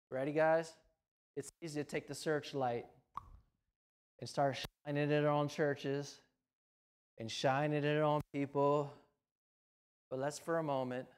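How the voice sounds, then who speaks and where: A male pastor delivering a sermon, swinging between loud emphasis and hushed lines. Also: a little high. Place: church sanctuary.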